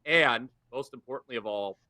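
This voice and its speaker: A man's voice: medium pitch, normal speed, pushed and bright, slight background noise. A man who is a guest handicapper on a betting show, teasing the host with dry sarcasm. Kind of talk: casual sports betting talk.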